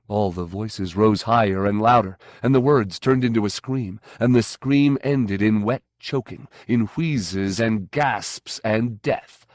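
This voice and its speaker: Low-voiced man narrating slowly. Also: darkish tone, dry recording, clean studio sound. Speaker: audiobook narrator. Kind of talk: scripted narration.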